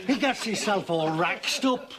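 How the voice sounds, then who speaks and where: A blunt, blustering old farmer, griping with gusto. His voice sits high and swoops up and down a lot. A crowd murmurs in the background. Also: animated, unhurried. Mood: indignant. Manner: blunt, gleeful, miming animals. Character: blustering comic old farmer complaining of swindle.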